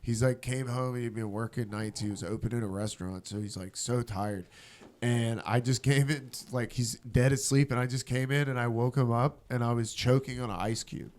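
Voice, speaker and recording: A man's voice: medium pitch, fairly even intonation, moderate pace, darkish tone. A man in his thirties, a podcast host, telling stories in casual chat, swearing a lot and acting out quotes.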